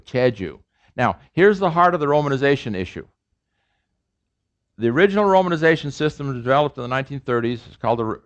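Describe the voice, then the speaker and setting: A man's voice: mid-range voice, highs cut off. A middle-aged man, a professor, lecturing an audience on pronunciation and repeating sounds emphatically to demonstrate them. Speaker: professor teaching a language class.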